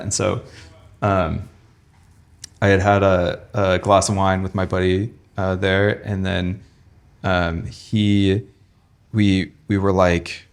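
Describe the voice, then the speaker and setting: A man's voice: low voice, slow pace. A young man co-hosting a podcast, casually retelling a travel mishap with lots of quoted back-and-forth. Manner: rambling, animated retelling with quoted dialogue. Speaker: podcast co-host. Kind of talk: casual storytelling chat.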